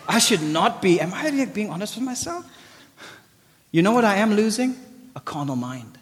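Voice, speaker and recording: A man preaching an energetic sermon. He swings from shouted exclamations to low, intimate asides. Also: moderate pace, in a large hall, background noise.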